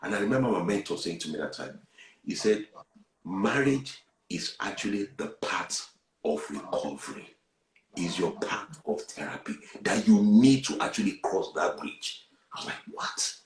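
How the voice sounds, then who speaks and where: A man, earnestly sharing a personal testimony and swinging between hushed and loud. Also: deep voice, lively intonation, normal speed, echoey room, low-quality recording. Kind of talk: candid testimony on a talk show.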